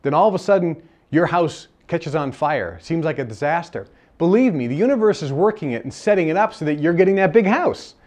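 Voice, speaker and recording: A man with a fairly high voice lectures a live seminar audience. He speaks emphatically and repeats his main points for effect. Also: expressive, brisk, hardly any pauses, a little mellow. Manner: emphatic, repeats key phrases, acts out dialogue.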